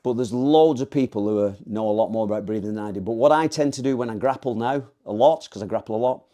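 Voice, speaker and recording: A man's voice: fairly low pitch, quick pace, warm tone. A man coaching on breathing and stance for mixed martial arts in a rambling, self-correcting instructional talk. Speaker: MMA coach.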